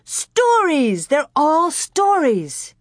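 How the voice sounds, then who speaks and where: Reading a storybook aloud, a woman voices an eager young pioneer girl who speaks in excited, breathless exclamations, pitching above her natural voice. Her delivery is slightly high, expressive, a bit mellow, and at a moderate pace, with studio-quality sound and no room echo.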